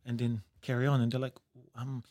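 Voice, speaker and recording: A man's voice: medium pitch, flat delivery, a little fast, darkish tone. Reflective New Zealand man telling stories. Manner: reflective, laughs often, uses Maori words. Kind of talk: casual storytelling chat.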